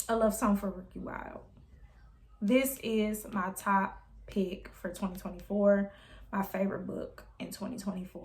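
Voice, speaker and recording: A young adult woman talking through her book picks in a relaxed vlog. Her voice sits a little on the high side, and she is chatty and animated, leaning hard on the words that matter to her. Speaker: book reviewer. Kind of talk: casual book review vlog.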